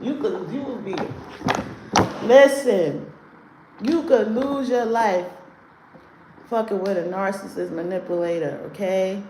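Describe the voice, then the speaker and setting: A woman hosts a livestream of card readings, speaking slowly in a medium-pitched voice with long pauses. She's blunt and curses a lot, often ranting at her chat. The recording has a roomy echo and faint noise.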